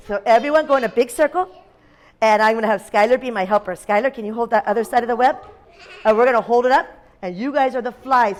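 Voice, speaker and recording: A woman teacher in a classroom, reading a picture book aloud to young children, asking them questions and making animal sounds. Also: fairly high pitch. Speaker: kindergarten teacher.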